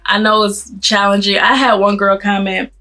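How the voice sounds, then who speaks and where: A woman in her thirties with a mixed Northern and Southern US accent, chatting casually as she gets ready, talking fast and stumbling over her words. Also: medium pitch, little pitch movement, pushed and bright. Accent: mix of Northern US and Southern US. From Pennsylvania, raised in Atlanta. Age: 30s. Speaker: beauty vlogger. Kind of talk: casual get-ready-with-me chat. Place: at home doing makeup.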